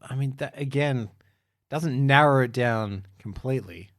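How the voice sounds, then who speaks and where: A man co-hosting a podcast, chatting casually while he guesses movie quotes, relaxed and quick to laugh. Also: mid-range voice, no echo, clean studio sound. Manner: relaxed, laughs easily, mumbles guesses aloud. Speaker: podcast co-host. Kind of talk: casual chat, guessing game.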